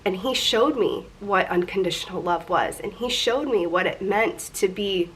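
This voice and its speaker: A woman's voice: mid-range voice, moderate pace, fairly bright tone, slight background noise. A woman in her twenties talking candidly and emotionally in a personal confessional vlog, rambling a little as she goes. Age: 20s. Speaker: vlogger.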